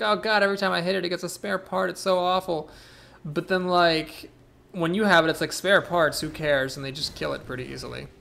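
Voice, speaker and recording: A man's voice: a little high, vocal fry, a bit bright. A young man commentating his own card game, thinking aloud, weighing plays and correcting himself as he goes. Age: young adult. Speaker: streamer playing a card game. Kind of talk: live gameplay commentary.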